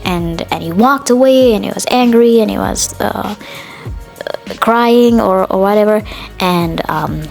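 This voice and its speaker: Woman, podcast host, casual solo recap, opinionated, chatty, uh and um fillers, mid pitch, soft music behind. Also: a little slow, creaky.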